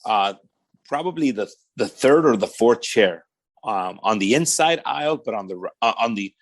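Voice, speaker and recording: With a low-leaning, animated voice at normal speed, a man with a Southern California accent relays his testimony in conversational storytelling. He impersonates the voices in his quotes and keeps saying "man" and "right?".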